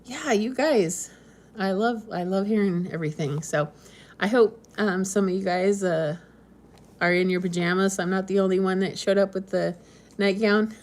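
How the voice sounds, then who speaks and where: A woman's voice: mid-range voice, normal speed, a little mellow. A woman from the West Coast hosting a casual live stream, chatting and reading viewer comments in a meandering way with frequent ums and small laughs. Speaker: homesteading channel host.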